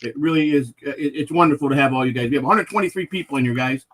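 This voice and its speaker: A man's voice: medium pitch, fast talker, fairly bright tone. A man hosting a live comedy talk show, talking casually with lots of fillers and restarts. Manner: rambling, filler-heavy. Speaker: host.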